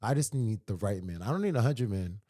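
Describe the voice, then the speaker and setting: A man's voice: fairly low pitch, expressive, brisk, dark tone. A man as a podcast guest, talking sincerely and repeating phrases for emphasis. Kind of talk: casual podcast conversation.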